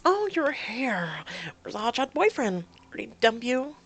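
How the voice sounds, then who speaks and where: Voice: high voice, sing-song, a little slow, fairly bright tone, pitched above the performer's own voice, heavily acted. A reader voicing a mocking young woman who taunts the heroine in a story game. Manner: mocking, catty. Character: snide young woman rival.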